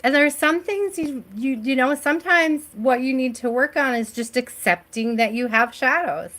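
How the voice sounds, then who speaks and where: A woman's voice: high-pitched, expressive, normal speed, a bit bright. A middle-aged woman hosting a live tarot stream from home, chatting casually and reassuringly and often checking in with "right?".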